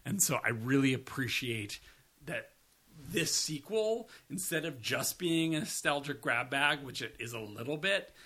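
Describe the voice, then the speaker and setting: Male podcast co-host, bright and forceful, rambling casual chat. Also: medium pitch, lively intonation, unhurried, husky. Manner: chatty and rambling, casual swearing.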